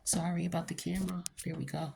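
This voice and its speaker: A woman's voice: fairly low pitch, fairly even intonation, fast, creaky, mellow, slight background noise. A woman giving a casual tarot reading to camera at home, chatty and blunt, talking in loose slang and cursing freely. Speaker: tarot card reader.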